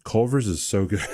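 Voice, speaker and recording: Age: unknown. Sex: man. Style: casual stream chat. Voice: deep, mellow. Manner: laid-back, slangy. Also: breathy edge. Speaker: livestreamer answering chat. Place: home streaming setup.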